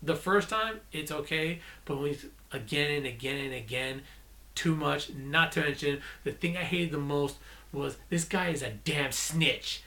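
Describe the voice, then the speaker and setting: A man's voice: a little slow, sharp tone. A man giving a casual, rambling movie review, exasperated, with restarts and self-corrections. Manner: mocking quotes in a shrill put-on voice. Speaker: movie vlogger.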